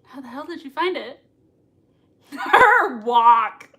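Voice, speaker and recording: A woman hosting a live reaction stream at home. She gushes excitedly, laughs often, and reads out viewer comments between her own reactions. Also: high-pitched, slow. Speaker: livestream reaction host.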